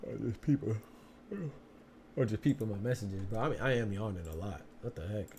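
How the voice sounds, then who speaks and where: A man's voice: lowish voice, expressive, a little fast, a little mellow, a little hiss or hum. A young man hosting a solo boxing podcast, talking casually in streetwise slang and often repeating himself.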